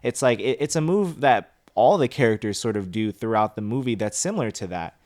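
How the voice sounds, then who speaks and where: A young man co-hosts a casual movie review chat in an animated, fairly quick, slightly mellow mid-range voice. He rambles as he explains his thoughts, using many fillers.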